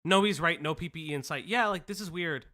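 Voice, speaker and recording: A stream host from the United States giving excitable casual commentary, swearing and restarting sentences. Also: medium pitch, a little fast.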